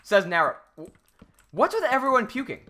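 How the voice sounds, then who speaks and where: Young guy streaming and rambling, voice jumps all over, kinda bright. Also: very high-pitched, very animated, normal speed. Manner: rambling, self-interrupting, reads chat aloud. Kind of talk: casual live-stream chat while gaming.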